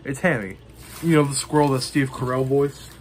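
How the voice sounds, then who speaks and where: A man's voice: medium pitch, steady tone, moderate pace, slight background noise. A man casually showing off his collection to the camera, rambling with lots of ums and you-knows. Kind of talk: casual show-and-tell.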